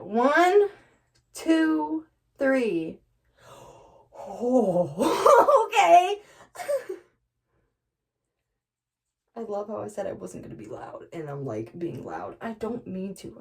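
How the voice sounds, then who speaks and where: Woman vlogger, jittery and giggly, slow easy delivery, slightly high voice, heard from a distance in a home bathroom. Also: darkish tone. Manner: nervous and giggly, laughs often. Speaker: beauty vlogger. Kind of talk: casual vlog chat. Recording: distant from the mic.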